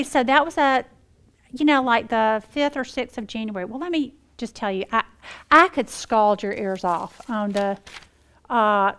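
A middle-aged woman tells a devotional story to a women's Bible group. Her voice sits a little high, and she talks in a folksy, lively way. She drops to hushed asides, then rises to loud, emphatic bursts.

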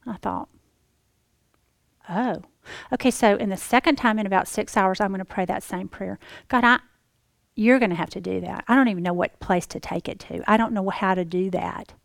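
A woman giving a personal testimony to a congregation, dramatic and folksy, swinging from loud exclamations to hushed whispers. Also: mid-range voice, normal speed, creaky, no echo, clean studio sound. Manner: folksy, addresses the audience as y'all. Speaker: speaker addressing a congregation.

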